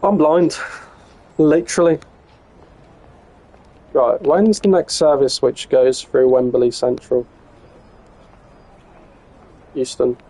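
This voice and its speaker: An English man live-streams a train game, chatting and muttering casually to himself and his viewers, with some swearing. His mid-range voice is warm and steady, slow, with frequent pauses. The recording quality is low.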